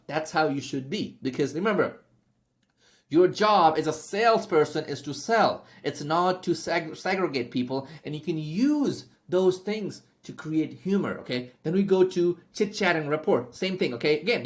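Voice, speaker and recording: A young man giving a casual spoken sales masterclass, chatty and constantly checking in with "okay?" and "right?". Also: a little high. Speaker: sales trainer.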